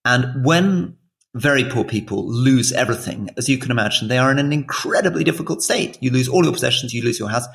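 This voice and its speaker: Gravelly-voiced man explaining earnestly. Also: mid-range voice, lively intonation, fairly quick, fairly bright tone. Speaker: podcast co-host. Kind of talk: casual political chat.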